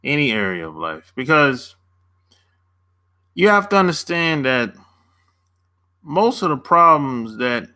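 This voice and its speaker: A man's voice: on the high side, sing-song, takes it slowly, pauses often, bright, forceful tone. A man coaching on dating in a casual livestream, laid-back, chuckling often and answering viewers' chat by name.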